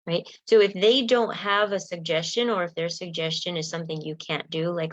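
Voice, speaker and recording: A woman's voice: fairly low pitch, steady tone, moderate pace, dry recording, muffled recording. A woman coach giving a spoken self-help lesson, earnest and direct, often acting out sample lines of what to say.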